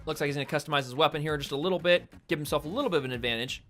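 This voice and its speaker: A young American man giving solo esports-style play-by-play of a shooter game from his streaming chair, getting excited on big plays. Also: fairly high pitch, racing, soft background music. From United States. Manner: excitable play-by-play, chatting with stream viewers between calls. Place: home streaming setup, seated in a chair.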